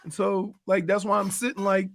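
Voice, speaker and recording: A man's voice: high voice, completely flat delivery, normal speed, creaky. A man from New Orleans co-hosting sports talk radio, speaking in a laid-back, wry, half-mumbled way.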